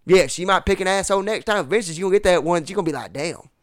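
A man's voice: high-pitched, rapid-fire, dry recording, studio quality. A man in a casual podcast chat, ranting bluntly and emphatically with plenty of profanity and rural slang. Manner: uses rural slang like ain't and y'all. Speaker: podcast guest.

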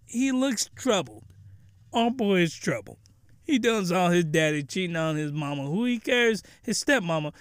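A man hosting a podcast, giving a comedic recap of a cartoon episode in animated slang and breaking into excited shouts. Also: high voice, no echo. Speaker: podcast host.

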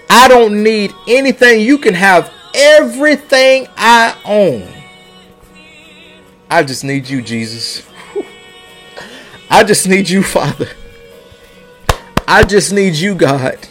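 A man's voice: sits high, sing-song, slow, pauses often, fairly bright tone, faint music behind. A man preaching a sermon, pleading and repeating his lines with rising and falling intensity.

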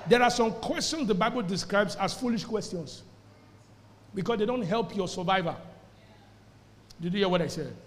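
A man preaching a sermon to a congregation, emphatic and calling for responses. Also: high-pitched. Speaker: pastor. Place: church service before a congregation. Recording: echoey church hall.

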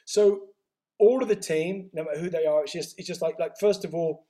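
A man with a slightly high voice speaks at a brisk pace as the guest in a casual interview. He is a health author who owns a retreat. His storytelling is lively and animated, broken up by lots of restarts and laughter.

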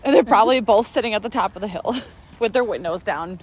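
A young woman chatting and laughing with a friend on a night walk outdoors, talking into a phone camera as she tells animated stories. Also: mid-range voice, quick pace, husky. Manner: giggly, animated storytelling. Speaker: vlogger. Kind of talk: casual chat on a night walk.

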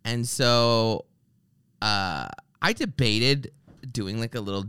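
A slow-talking podcast host with a medium-pitched, clean-toned voice is recorded in the studio with no room sound. He relays ranting comic stories in casual chat, profanity included. His animated delivery features impressions of the people he describes.

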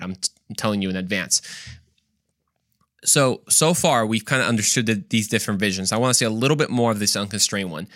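Speaking fairly low but with a fairly bright tone, a man hosts a Christian podcast in a dry, clean studio recording. He talks emphatically on his own, throwing out rhetorical questions and repeating himself and restarting a lot.

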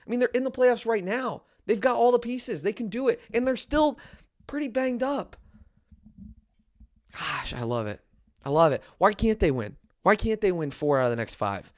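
Excitable male sports fan ranting. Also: moderate pace. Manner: excitable, big swings between loud cheering and low muttering. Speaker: sports YouTuber.

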